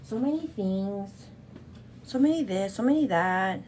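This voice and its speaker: A woman's voice: medium pitch, expressive, unhurried, a little mellow, slight background noise. A woman hosting a casual get-ready-with-me makeup show, chatting affectionately and greeting viewers in a sing-song way.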